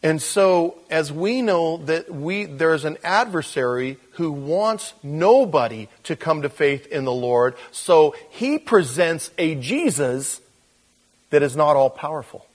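Speaking slowly in a slightly high voice, a man preaches as pastor in a chatty style full of fillers and restarts. His delivery shifts from quiet intensity to animated emphasis.

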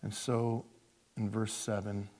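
A man preaching a sermon. He is animated, swings from loud emphasis to hushed asides, and acts out the people he quotes. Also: lowish voice, takes it slowly. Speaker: pastor.

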